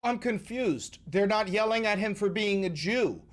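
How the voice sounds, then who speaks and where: A male live-stream host reacting to news clips in a sarcastic, exasperated voice. His pitch is very lively, jumping from grumbled asides to sudden shouts, recorded at home on a streaming mic. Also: moderate pace. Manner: exasperated, sarcastic, swings from mutters to yells. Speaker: political commentary host.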